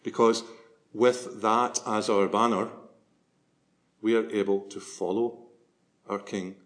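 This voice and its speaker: A man's voice: fairly low pitch, fairly even intonation, slow, a bit bright. A man preaching a sermon as a priest, earnest and swelling to emphasis on key phrases.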